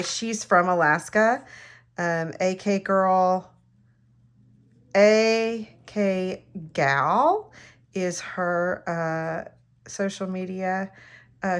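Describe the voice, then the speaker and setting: A middle-aged woman, chatting casually and rambling while demonstrating a craft. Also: lowish voice. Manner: chatty, rambling, self-mocking. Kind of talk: casual crafting tutorial chat.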